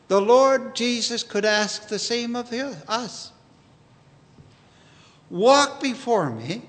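High-voiced, unhurried male preacher. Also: a bit bright, big-room sound. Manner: earnest, unhurried preaching with scripture quotes. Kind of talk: sermon.

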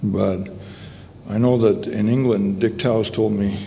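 A man preaching a sermon in a meeting hall, speaking in a halting way with many fillers and restarts. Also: lowish voice, fairly even intonation, creaky, mellow. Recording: long echo in a hall, faint ambient noise.

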